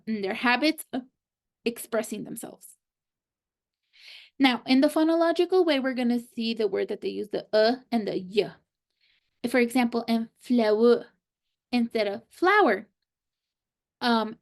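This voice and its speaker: A woman giving a slide presentation, talking in a halting way with frequent pauses and fillers. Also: a little high. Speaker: student presenter.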